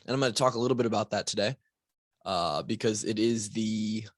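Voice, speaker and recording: Speaking fairly quickly in a lowish voice with no echo, a man runs a fitness podcast on his own. He's tired and yawning, chatting loosely with restarts, side comments and lots of "right?"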